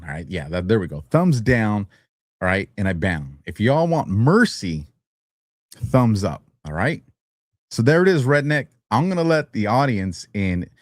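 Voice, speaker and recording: A man's voice: lowish voice, husky, dry recording, clean studio sound. A man hosting a livestream show, talking casually and animatedly, teasing his chat and laughing often. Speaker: host.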